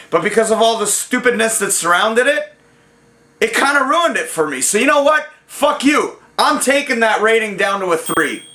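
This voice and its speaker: A man's voice: high-pitched, pushed and bright. Profane heated ranting man. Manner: profane, heated rant with frequent restarts. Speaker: host. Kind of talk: ranting solo movie review.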